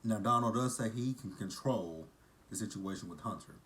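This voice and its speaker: A man with a fairly low voice talks through a TV episode in a loose, chatty recap. He breaks off into blunt, profane, mocking side comments. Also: normal speed, fairly bright tone. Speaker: TV episode reviewer.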